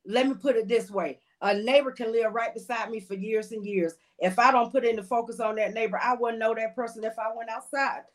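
A woman with a slightly high voice, answering calmly and firmly in a podcast debate. She speaks in a measured way and does not back down. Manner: calm, firm, measured rebuttals. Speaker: podcast co-host. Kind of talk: casual debate chat.

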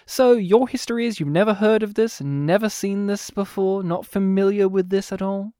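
A young man, co-hosting a casual film podcast, animated and jokey. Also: sits high, normal speed, clean tone, no room sound, clean studio sound. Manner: jokey, animated, puts on silly voices. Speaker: podcast co-host. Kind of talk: casual chat.

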